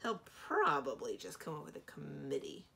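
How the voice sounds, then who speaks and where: A woman's voice: low-pitched, wildly swooping pitch, moderate pace, gravelly, pushed and bright, full character voice. A woman voicing a sarcastic, bored male dragon who mutters dryly in a storybook reading. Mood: contemptuous.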